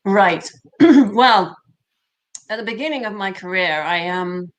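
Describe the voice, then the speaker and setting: A woman guest who is an actress and accent coach talks in a warm, chatty way. She often trips over and repeats words as she works out what to say, and her voice sits at an ordinary pitch for a woman. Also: takes it slowly. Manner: warm, chatty, repeats herself while thinking. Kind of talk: casual interview chat.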